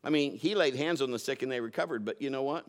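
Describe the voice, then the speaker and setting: A man preaching a sermon, telling stories and swinging between loud emphatic bursts and quiet low asides. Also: fast talker.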